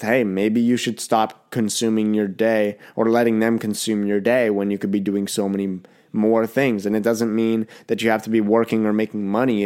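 Young male podcast host, a bit under the weather, low-ish voice, blunt and loose, curses casually. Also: a little mellow. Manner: blunt, rambling, swears freely. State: a little sick, coughing. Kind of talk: casual solo podcast monologue.

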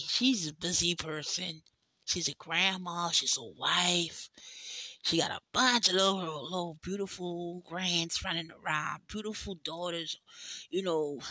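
Woman doing a podcast monologue, slow and heartfelt, bright voice, dry close mic. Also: on the low side, dry recording. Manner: emotional, heartfelt, speaks straight to listeners; slow and drawn out, with long pauses. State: tearful, overwhelmed. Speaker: podcast host. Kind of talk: personal monologue.

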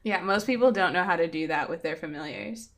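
A woman's voice: on the low side, fairly quick. A woman playing a tabletop game, chatty and bubbly with many fillers. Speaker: player. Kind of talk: casual in-character play.

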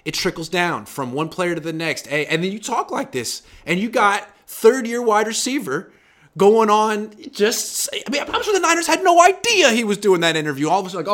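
A man's voice: high voice, a little fast. A young man, a sports writer guest, chatting casually on a podcast and acting out quoted players. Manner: animated, acts out quoted players with big loud jumps.

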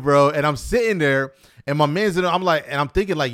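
A man hosting a casual podcast, telling stories in an animated, slangy way. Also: medium pitch, a little fast, no room sound, clean studio sound. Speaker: podcast host. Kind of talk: casual podcast chat and storytelling.

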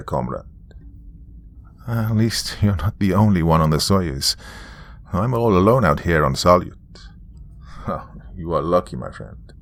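A man voicing a caring space station commander who talks over the radio, earnest and concerned. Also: low voice.

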